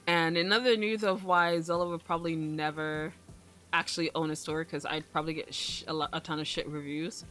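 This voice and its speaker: A woman's voice: low voice, fairly even intonation, a little fast, a bit bright, faint music behind. A young woman streaming, chatting casually in a rambling way, swearing freely and laughing often. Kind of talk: casual livestream chat.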